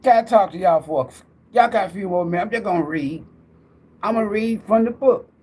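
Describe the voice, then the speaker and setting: A man's voice: high voice, a little fast, dark tone, breathy edge. A middle-aged man hosting a tarot livestream, talking in a rambling, preacher-like way, swearing freely and addressing viewers directly. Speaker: tarot reader and livestream host.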